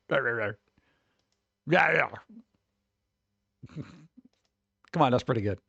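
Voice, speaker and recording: Lively gravelly-voiced man rambling and joking. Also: medium pitch, no room sound, lo-fi sound. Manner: rambling, joking, puts on quick voices for bits. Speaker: streamer. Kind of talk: casual reaction chat.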